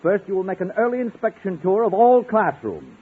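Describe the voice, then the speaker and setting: A man's voice: high voice, sing-song, brisk, breathy edge, full character voice. An actor playing a stern, pompous man school official in a 1950s radio comedy. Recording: tinny old radio broadcast with faint hiss.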